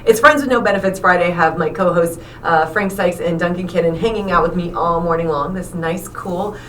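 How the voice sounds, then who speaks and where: A woman's voice: on the low side, a bit bright, roomy sound, far from the mic, slight background noise, low-quality recording. A woman from South Florida hosting a radio morning show, with playful, teasing banter. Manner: playful, teasing, quick to laugh. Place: radio studio.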